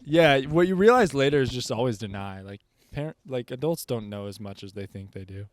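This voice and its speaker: Smooth-voiced male co-host, dry sound. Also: mid-range voice, expressive, fairly quick, no echo. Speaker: podcast co-host. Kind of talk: casual podcast chat.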